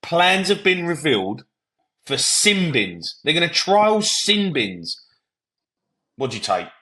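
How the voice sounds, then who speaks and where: A man's voice: a little high, very animated, slow, pushed and bright. A man co-hosting a football podcast, heated and ranting, swearing and talking over his co-host with punchy repeated phrases.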